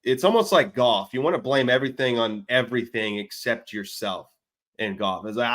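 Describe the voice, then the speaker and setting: A man's voice: mid-range voice, a little fast, fairly bright tone. A man co-hosting a casual football podcast, rambling and self-mocking, sometimes mimicking coaches and golfers. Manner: rambling, self-mocking, does mock voices. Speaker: podcast co-host. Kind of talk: casual sports chat.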